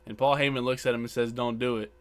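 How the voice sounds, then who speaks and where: This co-host talks quickly through a laid-back wrestling recap, acting out quotes and swearing with repeated words. His voice is medium-pitched and flat in delivery, with a fairly bright, clean tone. The recording carries a background buzz.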